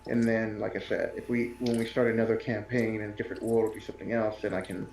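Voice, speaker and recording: A man's voice: lowish voice, level tone, fast talker, gravelly, a little mellow. A man running a tabletop game, chatting casually and rambling with lots of fillers after the session. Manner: rambling, filler-heavy, easygoing. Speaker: game master. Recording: echoey room with faint noise.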